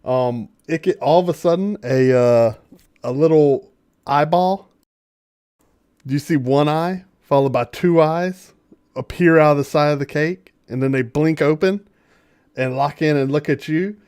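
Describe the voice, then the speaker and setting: A man narrates a tabletop game for his players on a livestream. His voice sits a little high, and he takes his time, lingering over each detail of the scene. He is playful and quick to laugh. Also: darkish tone, smooth. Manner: playful descriptive storytelling, breaks into laughter. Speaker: game master.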